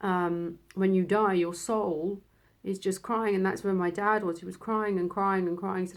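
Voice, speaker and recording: A woman in her thirties telling a personal story, halting and emotional, with many restarts. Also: medium pitch, steady tone. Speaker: vlogger.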